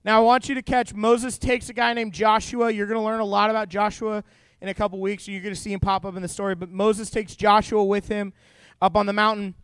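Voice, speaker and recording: A young man delivers a sermon to a youth group in a high, bright register. He is animated and jokey, slipping into playful voices for the people in his stories. The sound is dry and close. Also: a little fast, smooth, dry recording. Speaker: youth pastor. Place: church youth room.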